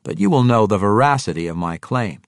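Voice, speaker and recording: A man voicing a calm, suave male dark-elf double agent with a cool, measured delivery, in an audiobook. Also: on the low side, gravelly, no echo, clean studio sound. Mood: composed. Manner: cool, measured, self-assured.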